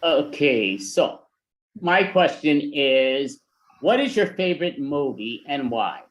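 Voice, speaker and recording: A brisk improv host calling on players. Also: mid-range voice, sing-song. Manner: brisk, directs players by name. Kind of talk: online improv game hosting.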